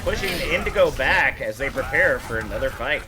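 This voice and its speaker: A man casting a live online match, calling the plays quickly with many fillers and asides. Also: medium pitch. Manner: quick, excitable calls with frequent fillers. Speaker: esports caster. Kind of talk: live play-by-play commentary.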